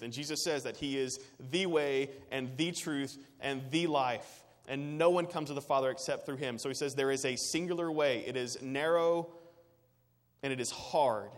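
Earnest preacher man in a reverberant hall. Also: medium pitch. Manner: earnest, emphatic, repetitive phrasing. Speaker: pastor. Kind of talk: sermon.

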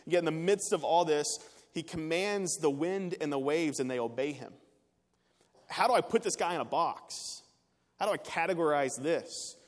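A man preaching a sermon in an earnest way, rising to emphatic peaks and dropping quiet again. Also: a little high, moderate pace. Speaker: pastor. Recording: long reverb of a large hall.

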